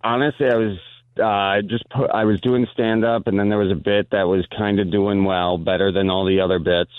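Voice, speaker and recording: A man's voice: fairly low pitch, little pitch movement, fairly quick, smooth, no echo. A man, a comedian guest, chatting casually in a laid-back, self-deprecating way. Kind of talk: casual phone interview. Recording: tinny phone line.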